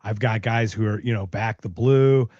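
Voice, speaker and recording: A man hosting a podcast, chatting casually in an animated way, often laughing and swearing offhandedly. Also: on the low side, moderate pace, dry recording. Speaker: podcast host. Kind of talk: casual chat. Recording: dull lo-fi remote audio.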